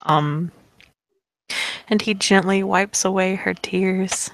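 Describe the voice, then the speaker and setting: A woman's voice: medium pitch, fairly even intonation, takes it slowly, gravelly, no echo, poor audio. A woman narrating a tabletop roleplay scene casually, with laughter and swearing. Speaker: game narrator.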